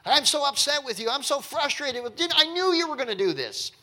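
A preacher doing a fed-up prophet griping at the sky. The voice jumps high and turns bright and pinched, every line a whiny accusation of having been wronged. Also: male voice, very animated, a little fast, exaggerated voice. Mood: indignant complaining. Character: exasperated complaining prophet, adult man.

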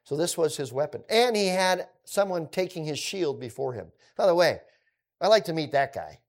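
A man teaching through a scripture passage in a conversational way, with relaxed asides. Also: on the high side, moderate pace.

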